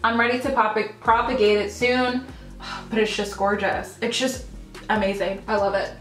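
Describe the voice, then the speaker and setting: A woman's voice: mid-range voice, level tone, normal speed, faint music behind. Gushing, chatty woman in a roomy room. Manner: gushing, chatty, with frequent ums and laughs. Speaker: plant vlogger. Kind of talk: casual haul video chat. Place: home room full of houseplants.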